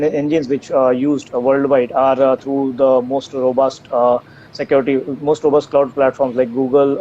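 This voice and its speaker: A tech company co-founder fields audience questions in a live Q&A, his mid-range voice warm but full of fillers and restarts. The live stream audio is dull and lo-fi, with faint noise.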